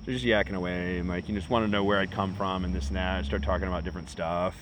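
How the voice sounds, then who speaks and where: Male American co-host, rapid, low-ish, profane casual storyteller, outdoor recording with light insect noise. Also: steady tone. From United States. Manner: rambling storyteller, swears freely. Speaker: podcast co-host. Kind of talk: casual chat. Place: outdoors in a park.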